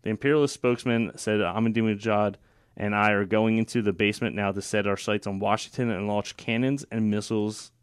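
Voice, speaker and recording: A man's voice: fairly low pitch, fairly even intonation, fairly quick, smooth, dry recording, clean studio sound. A man hosting a political talk show, opinionated and sarcastic, with frequent fillers and restarts. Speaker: radio show host.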